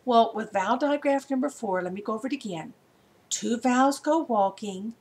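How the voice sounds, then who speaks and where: A woman teaching a practice phonics lesson, talking to pupils and slowly sounding out words to them, recorded on a webcam. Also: a little high, a little mellow, breathy edge. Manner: slow, encouraging, sounds out words.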